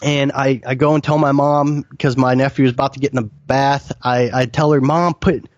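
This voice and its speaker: Speaking briskly in a flat, mid-range voice, a man tells an interviewer about a frightening encounter he lived through. He retells it earnestly and vividly, with frequent restarts. The audio is dry and dull.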